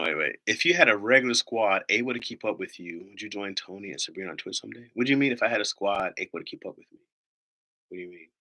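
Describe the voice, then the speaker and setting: A man's voice: medium pitch, sharp tone. A man hosting a casual livestream, a rambling storyteller who laughs often. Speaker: livestream host.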